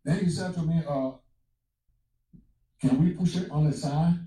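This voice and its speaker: A man's voice: on the high side, measured pace, mellow, heavy reverb, distant mic, rough recording. A man from Africa telling a personal testimony as a sermon, mixing storytelling with exclamations of praise. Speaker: preacher.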